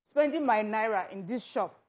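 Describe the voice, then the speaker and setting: A woman on a TV studio panel, giving her opinions with animated restarts and mid-sentence corrections. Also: a little high, moderate pace.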